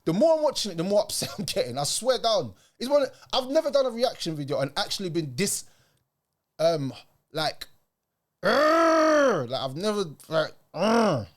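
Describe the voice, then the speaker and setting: Brief: young British man, fired-up reaction host, slangy and emphatic, voice sits a touch high. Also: sing-song, fairly quick. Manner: heated, emphatic street talk. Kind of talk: casual reaction commentary.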